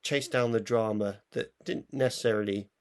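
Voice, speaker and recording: A man with a gravelly, fry-tinged voice co-hosts a film review chat. He talks loosely, circling his point with fillers and restarts. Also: lowish voice, fairly even intonation, normal speed. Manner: rambling, full of fillers and restarts. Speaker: film review show co-host. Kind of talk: casual chat.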